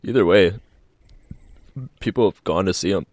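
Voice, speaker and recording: Low-voiced young man rambling casually. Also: normal speed, dry recording. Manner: rambling, full of fillers, loud acted-out movie quotes. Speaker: podcast co-host. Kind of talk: casual chat.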